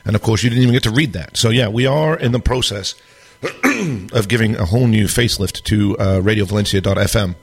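A man hosting a radio show, hoarse after a big night out, chatting loosely with lots of fillers. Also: on the low side, fairly quick. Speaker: radio DJ host. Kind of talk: casual radio show banter. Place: radio studio.

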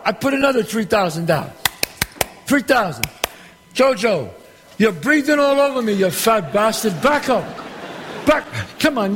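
An actor playing a middle-aged gangster boss who runs a dice game. He is loud and bossy, and he swears and throws insults around freely. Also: sits high, a little hiss or hum. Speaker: mob boss at a craps game. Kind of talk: film dialogue. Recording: echoey hall sound with faint ambience.

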